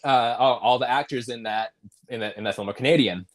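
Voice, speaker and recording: A man's voice: mid-range voice, a little fast. Stammering man hosting a chat. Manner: hesitant, stammering, laughs often. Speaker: host. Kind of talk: casual live interview chat.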